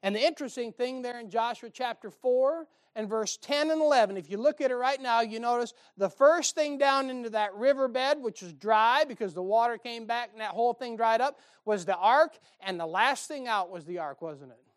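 Folksy preacher with a dry close sound. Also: male voice, extremely high pitch, moderate pace, few pauses, dry recording. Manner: folksy storytelling with call-and-response asides. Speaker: pastor. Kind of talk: sermon. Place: church.

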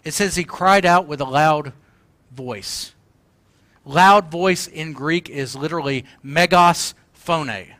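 A man's voice: a little high, slow, a bit bright, dry recording. A man preaching a sermon, passionate and emphatic, at times crying out the words he quotes. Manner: impassioned, crying out quoted lines. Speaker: pastor.

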